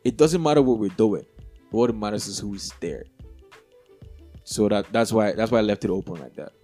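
A man's voice: on the low side, moderate pace, dark tone, soft background music. A man co-hosting a casual podcast among friends, telling a story in an earnest, rambling way with many restarts. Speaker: podcast co-host.

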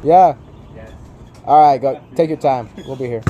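A man's voice: medium pitch, measured pace, muffled recording. A young man in casual chat with friends, telling a story with lots of laughs and acting out what others said. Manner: animated, laughing, acts out friends' lines.

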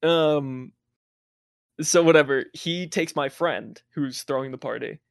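A young man with a slightly high voice tells a rambling party story, swearing and laughing as he goes. The sound is dry and close, with no room around him. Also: a little slow, gravelly, no echo. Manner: profane, laughing, animated anecdote telling. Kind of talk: casual storytelling chat.

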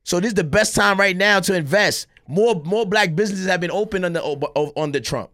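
A man's voice: sits high, brisk, a bit bright, dry recording, studio quality. A man from Miami, a podcast guest, arguing his points emphatically with plenty of profanity. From Miami, Florida. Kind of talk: heated podcast debate.

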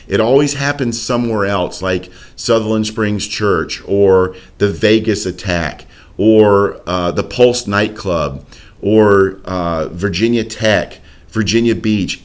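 A man with a fairly low voice talks through personal safety advice in an earnest, unscripted way, pausing often on "uh" as he gathers his thoughts. He speaks as a podcast host and former police officer. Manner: earnest, conversational, many "uh" fillers.

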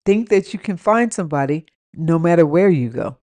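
On her own podcast, a young woman rants casually and tells stories, her animated, warm voice sitting a little low. Blunt, profane advice comes with quick laughing asides, captured in close, dry sound with no echo.

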